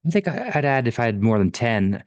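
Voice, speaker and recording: A man's voice: mid-range voice, sing-song, brisk, dry recording, dull audio. A man talking casually as a guest comedian on a podcast, with frequent restarts. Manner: conversational, with restarts and stumbles.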